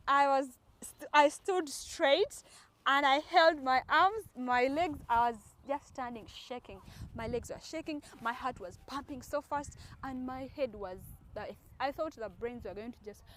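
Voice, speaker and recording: A young woman from Uganda telling a personal story to her viewers in an animated storytime vlog, talking straight to them. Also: sits high, measured pace, slight background noise. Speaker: vlogger.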